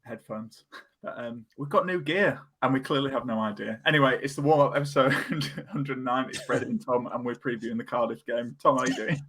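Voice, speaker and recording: A man's voice: medium pitch, fairly quick, a bit bright, slightly rough. A man co-hosting a casual football podcast, chatty and self-deprecating, with lots of fillers. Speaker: podcast co-host.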